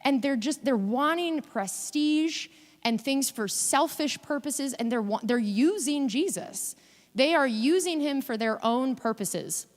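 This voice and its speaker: A woman giving a guest sermon in a chatty, animated way, acting out quoted voices as she talks. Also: high-pitched, a little slow. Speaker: guest preacher. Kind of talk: conversational sermon. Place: church sanctuary. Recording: long hall reverb in a church.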